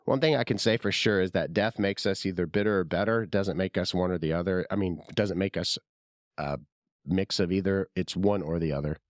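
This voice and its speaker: Deep-voiced man with a sore throat. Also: fairly quick, no room sound, studio quality. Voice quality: husky from illness. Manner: rambling, chatty, self-deprecating. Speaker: podcast host. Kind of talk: casual solo podcast monologue.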